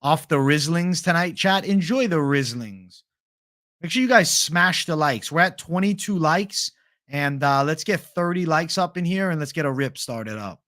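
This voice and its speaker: A man's voice: a little high, expressive, normal speed, fairly bright tone. A young man hosting a casual livestream, swearing freely and reading viewer chat aloud. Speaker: livestream host.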